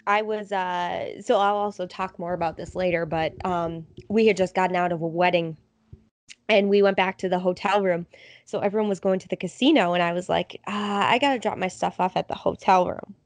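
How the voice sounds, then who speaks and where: A young adult woman co-hosting a casual chat, telling stories with lively acted-out quotes. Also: fairly low pitch, brisk, dry recording. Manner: animated storyteller, acts out quotes. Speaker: podcast co-host.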